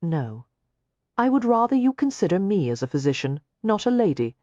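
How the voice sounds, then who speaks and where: A determined young woman doctor, voiced by a woman narrator, crisp and no-nonsense. Her speech is pragmatic and guarded, with a lively rise and fall. The sound is dry and slightly dull. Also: mid-range voice, moderate pace, dry recording, voice pushed up, lightly acted.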